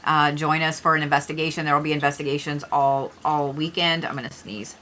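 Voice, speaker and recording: A woman's voice: deep voice, level tone, brisk, background noise. A young woman hosting a casual livestream, chatting in a rambling, loose way and cursing now and then. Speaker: livestream host, astrology reader.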